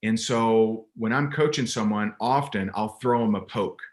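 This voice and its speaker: A man's voice: on the low side, measured pace. A man, a business coach and interview guest, telling a story from a coaching call in an emphatic, conversational way and often restarting his thoughts. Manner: emphatic, repeats words when restarting a thought.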